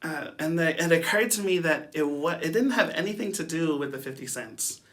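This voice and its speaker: Bright-voiced chatty young man telling a story. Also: fairly high pitch, lively intonation, normal speed. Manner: chatty, laughing, lots of fillers and asides. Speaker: youth speaker. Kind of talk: casual youth sermon storytelling.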